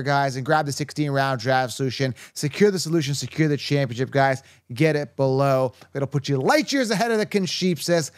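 A man hosting a casual sports podcast with energetic, playful hype. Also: fairly high pitch, smooth, dry recording, clean studio sound. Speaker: podcast host.

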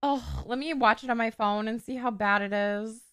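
A woman in her twenties chatting casually on a live game stream, excitable and swearing freely. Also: a little high, normal speed, clean tone. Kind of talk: casual live-stream chat while role-playing a game.

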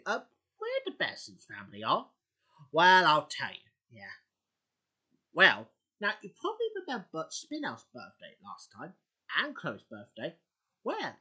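A man introducing an episode of his homemade story series in a rambling, halting way. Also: on the high side, bright, forceful tone, husky. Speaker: channel host.

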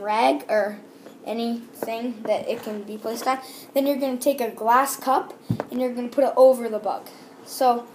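Young female vlogger, chatty, rambling, high voice, echoey room. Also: a little mellow, a little hiss or hum. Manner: chatty, rambling with ums and restarts. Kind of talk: casual how-to vlog. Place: house, bathroom.

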